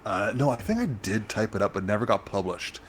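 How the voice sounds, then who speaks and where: Low-voiced, halting middle-aged man. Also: expressive, a little hiss or hum. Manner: halting and self-deprecating, full of fillers. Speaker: podcast co-host. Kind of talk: casual chat.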